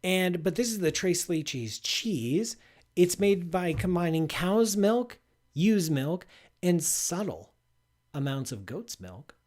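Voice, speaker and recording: A man's voice: high voice, big pitch swings, slow pace, darkish tone. A man hosting a live science show, talking loosely and chatting with playful enthusiasm, with lots of "like" and restarts. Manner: playfully enthusiastic food tasting. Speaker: astrophysicist host of a live call-in space show. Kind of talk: casual live-stream chat.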